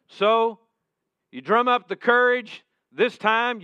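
A male preacher tells a sermon story in the second person and drops to a hush at key points. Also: high voice, big pitch swings, normal speed, dry recording. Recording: dull, dry sound.

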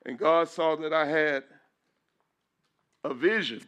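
A middle-aged man preaches in church, his voice sitting a little above the usual male pitch. He is openly emotional, his voice breaking at times. He repeats phrases and lifts his voice when he turns to praise. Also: slow pace, a bit bright. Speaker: pastor.

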